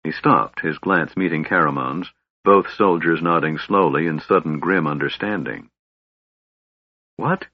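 A man's voice: rumbling low, normal speed, breathy edge, no echo, dull audio. A man steadily narrating a fantasy audiobook with a dramatic reading.

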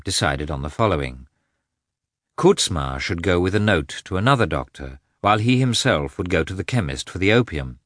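A man narrating a classic novel as an audiobook in a measured, expressive reading. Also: low voice, dry recording, studio quality. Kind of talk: scripted literary narration.

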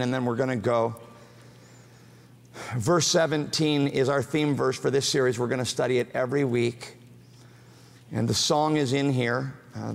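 A pastor with a mid-range, creaky voice preaches in a large, echoing hall. He speaks emphatically and directly to the congregation, tossing in playful asides as he builds to fervent proclamation.

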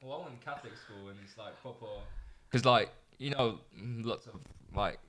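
A man's voice: medium pitch, normal speed, a crowd in the background. A young man in casual chat, rambling and restarting sentences, often laughing.

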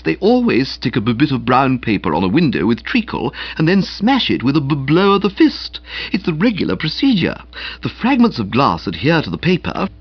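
A puffed-up young gentleman who trips over his first consonants and lectures everyone, as a man reads him out. His voice leaps up and down in wide swoops, with a husky edge. The recording is dry and a little muffled. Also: mid-range voice, no room sound, heavily acted. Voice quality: stammering on first sounds. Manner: patronizing and full of himself. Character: pompous, self-satisfied young man with a stammer. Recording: dull, slightly muffled.

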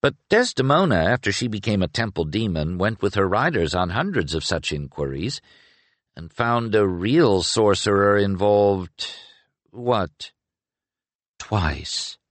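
An earnest, curious young sorcerer argues his case eagerly, as a man reading the book puts him on. The low voice lifts a little and moves in lively swings. The sound is close and dry. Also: a little slow, no echo. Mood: explaining. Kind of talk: audiobook character reading.

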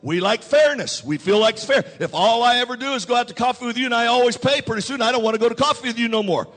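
A pastor delivers a sermon at a quick pace, his voice strikingly high and bright. He repeats his key lines, calls for the congregation to respond, and builds up to shouting, all ringing with the long reverb of a large hall.

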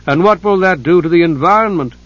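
A man voicing a scheming male god of trade, persuasive and mock-innocent, with a husky voice. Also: mid-range voice, lively intonation, moderate pace, muffled recording.

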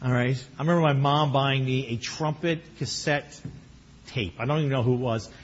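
A middle-aged male pastor preaching a sermon, animated and breaking into excited exclamations. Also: mid-range voice, a little fast, slight background noise. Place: church sanctuary. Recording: muffled lo-fi recording.

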